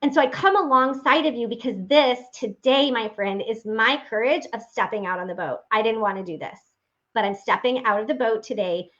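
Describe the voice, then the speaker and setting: A woman with a somewhat high voice tells her faith story to listeners, animated and earnest. The recording is dull and lo-fi, with the top end rolled off. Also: a little fast. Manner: animated storyteller acting out remembered dialogue; earnest, direct address to listeners. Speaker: faith-based motivational speaker. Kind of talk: personal testimony talk.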